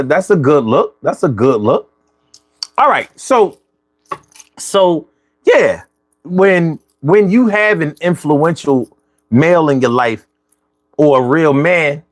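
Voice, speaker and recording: A man's voice: on the high side, no room sound, studio quality. A man hosting a casual talk show for viewers, speaking conversationally, asking rhetorical questions and repeating phrases for emphasis. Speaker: vlog host.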